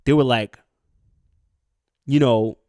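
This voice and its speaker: A man's voice: mid-range voice, steady tone, slow pace, a little mellow, dry recording. Slang-heavy man spinning a long story. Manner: rambling storytelling with many fillers; slang-heavy, quotes people mid-story. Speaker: podcast co-host. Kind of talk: casual chat.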